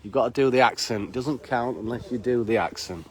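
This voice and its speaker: A man's voice: mid-range voice, brisk. Chatty man greeting stream viewers. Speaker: live-stream host and bar worker. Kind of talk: casual live-stream walking commentary. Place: outdoors on snowy town streets.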